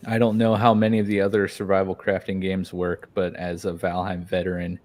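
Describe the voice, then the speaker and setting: A man hosting a casual podcast chat, a bit hoarse from losing his voice, talking loosely with many fillers and restarts. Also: low-pitched, monotone, a little fast, darkish tone. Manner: rambling, frequent fillers and restarts. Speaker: podcast host.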